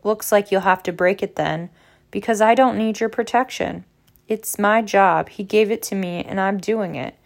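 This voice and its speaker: A woman's voice: medium pitch, moderate pace, gravelly, natural voice. A woman reading aloud as a sulky, defiant teenage boy who jeers and snaps back. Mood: defiant, angry. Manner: angry, jeering and defiant.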